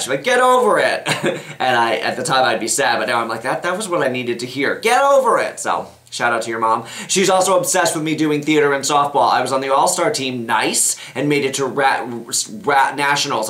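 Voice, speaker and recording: A man's voice: mid-range voice, fairly bright tone, roomy sound. A man hosting an advice show, reading out viewer letters and answering them in a chatty, rambling way, often restarting his sentences. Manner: chatty, rambling, self-interrupting. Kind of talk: casual advice chat.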